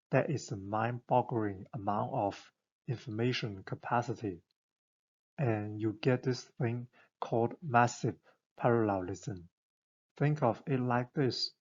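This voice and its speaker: A man's voice: mid-range voice, darkish tone, muffled recording. A man giving an enthusiastic, conversational scripted explainer narration, full of rhetorical questions.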